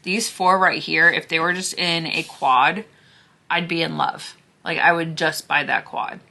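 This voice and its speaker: A woman vlogger chatting casually through a makeup declutter, gushing and sometimes dropping to a hushed near-whisper, her voice hoarse as she loses it. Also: sits low, steady tone, measured pace. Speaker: beauty vlogger.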